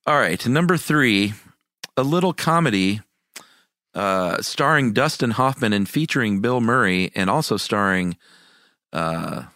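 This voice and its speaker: A man's voice: on the low side, expressive, unhurried, bright, forceful tone, no echo, clean studio sound. A man co-hosting a podcast, casually joking as he runs through a list of movies. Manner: joking, listing movies with playful intros. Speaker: podcast co-host.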